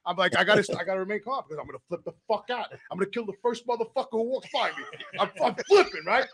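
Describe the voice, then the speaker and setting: High-pitched ranting New man. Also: lively intonation, rapid-fire, a little hiss or hum. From New York City. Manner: loud, swearing, exasperated ranting. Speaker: podcast regular. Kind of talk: profane storytelling rant.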